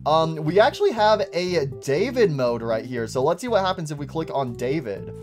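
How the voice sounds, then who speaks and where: A young man giving excitable, casual commentary on a game and saying "bro" a lot. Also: on the high side, normal speed, over music. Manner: excitable, says "bro" often. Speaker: gaming YouTuber.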